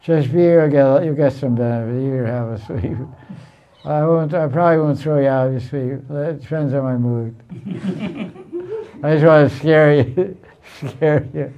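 Brief: male language teacher, slightly high voice, gruff teasing classroom lecture, dull recording. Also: lively intonation, a little slow. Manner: blunt, teasing, repeats himself. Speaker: Sanskrit teacher.

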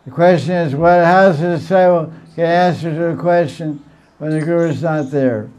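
Smooth-voiced man giving a devotional class. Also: fairly high pitch, normal speed. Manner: animated storytelling, repeats phrases, laughs. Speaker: spiritual teacher.

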